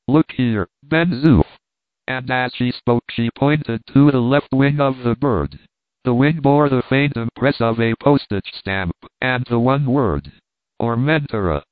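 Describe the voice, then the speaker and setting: Man reading a classic novel aloud, steady, mid pitch, dry tinny phone-ish audio. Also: smooth, dry recording. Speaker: narrator.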